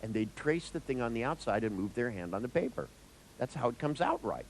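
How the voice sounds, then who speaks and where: A man's voice: medium pitch, a little fast, slight background noise, rough recording. A therapist giving a live seminar talk to an audience, joking and speaking straight to listeners as he explains. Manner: animated, joking, acts out dialogues with clients.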